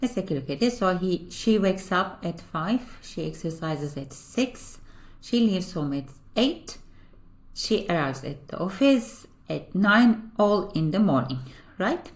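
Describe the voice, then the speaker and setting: A woman teaching a beginner language lesson. She explains patiently, step by step, with a steady run of "so" and "right?", and slows down to model each phrase. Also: on the low side.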